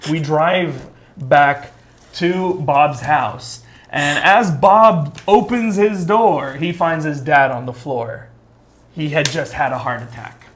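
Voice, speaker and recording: A man telling a spooky story in casual chat, animated and full of fillers, while a makeup effect is applied in a studio. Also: fairly high pitch, takes it slowly, a little hiss or hum. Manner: animated, filler-heavy storytelling with acted quotes. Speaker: storyteller and co-host.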